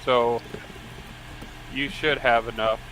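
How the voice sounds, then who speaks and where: A man playing a tabletop game, thinking aloud with a hesitant, halting manner. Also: mid-range voice, fairly even intonation, bright, forceful tone, soft background music, low-quality recording. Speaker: player. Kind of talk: casual tabletop play.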